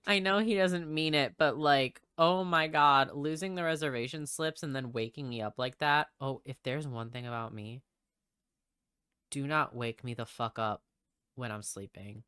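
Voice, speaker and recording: A man's voice: medium pitch, moderate pace, sharp tone, clear, resonant tone, no echo, studio quality. A man hosting a gaming video, chatting casually about the game, swearing and laughing at himself. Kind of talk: casual let's play commentary.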